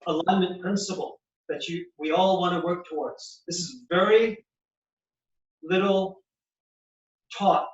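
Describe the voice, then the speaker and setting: A male physical therapist explaining and demonstrating knee exercises step by step in a clinic. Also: high-pitched. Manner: instructive, explains while demonstrating movements. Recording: echoey, distant, dull sound.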